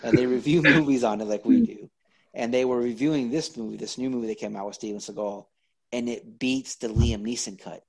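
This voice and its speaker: A man's voice: medium pitch, fairly quick, low-quality recording. A man co-hosting a podcast, chatting about movies in a joking, laid-back way. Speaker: podcast co-host. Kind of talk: casual movie chat.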